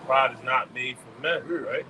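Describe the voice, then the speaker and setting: Earnest man preaching over loud street noise. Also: mid-range voice, normal speed. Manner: earnest, repeats phrases, affirming interjections. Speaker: member of the group. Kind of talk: preaching in a group. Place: outdoors.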